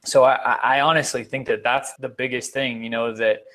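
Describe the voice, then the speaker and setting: A man's voice: medium pitch, steady tone, normal speed, a bit bright. Earnest man, motivational speaker. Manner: earnest, emphatic, repeats words for stress. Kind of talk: podcast interview conversation.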